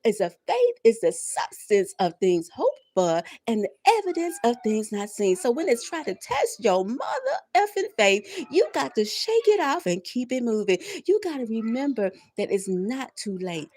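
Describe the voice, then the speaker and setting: Lively preachy woman in her fifties. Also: on the high side, normal speed, hardly any pauses. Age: 50s. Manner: preachy, emphatic call-and-response repetition; emotional, laughing through near tears. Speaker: tarot reader and live-stream host. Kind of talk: spiritual pep talk on a live stream.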